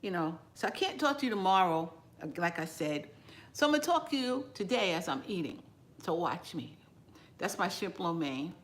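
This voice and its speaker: A woman chats casually to her live viewers between bites of food, greeting them by name. Her voice sits a little low for a woman, and she laughs often in a relaxed, easygoing way. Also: normal speed. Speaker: home cooking channel host. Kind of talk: casual live chat while eating.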